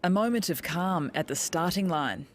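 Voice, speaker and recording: A woman's voice: on the low side, animated, moderate pace, crowd noise. A woman with an Australian accent narrating a news report in short, clipped phrases. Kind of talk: scripted news voice-over.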